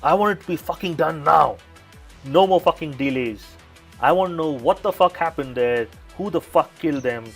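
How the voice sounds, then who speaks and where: A man's voice: level tone, measured pace, pauses often, soft background music, close to an everyday voice. A man playing a furious cursing police lieutenant. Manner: cursing, barking, then lowered conspiratorial tone. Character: gruff furious male police lieutenant, middle-aged.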